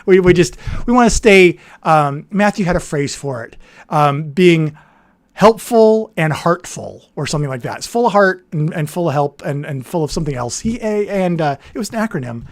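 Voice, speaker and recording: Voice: medium pitch, lively intonation, moderate pace. A livestream host of a board game show, chatting casually and rambling with frequent self-corrections. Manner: says their voice turns nasal on camera.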